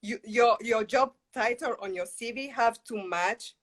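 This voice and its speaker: A woman's voice: a little high, a little slow. A woman guest giving job-search advice in an interview, hesitant, searching for words with fillers. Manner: hesitant, many fillers and restarts while thinking. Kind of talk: casual interview chat.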